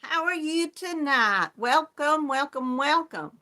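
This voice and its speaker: Woman, homey livestream chat, unhurried, lively melody. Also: sits high. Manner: chatty and homey, calls viewers hon. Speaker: crochet livestream host. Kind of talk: casual livestream chat greeting viewers.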